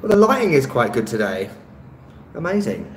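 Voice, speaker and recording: Give me an Englishman with a mid-pitched voice who chats casually on a live stream and answers viewer comments as he goes. He is loose and meandering, full of "um"s and small laughs. The sound carries the echo of a bare room, with faint traffic noise from outside. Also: big pitch swings, moderate pace. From England. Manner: rambling and hesitant, with frequent ums and light laughs. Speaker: YouTuber hosting a live stream.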